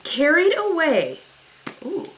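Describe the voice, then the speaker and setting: A woman's voice: high-pitched, wildly swooping pitch, slow, a bit bright, slight background noise. A young woman vlogger unboxing mail, gushing with gasps and breathless exclamations as she shows each item. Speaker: beauty vlogger.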